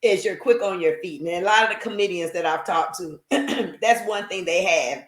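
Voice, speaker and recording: A woman's voice: lowish voice, moderate pace, roomy sound. A woman hosting an online interview show, chatty and affirming, reading out viewer comments and asking questions. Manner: affirming, chatty, frequent agreeing. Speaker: show host. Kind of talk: casual interview chat.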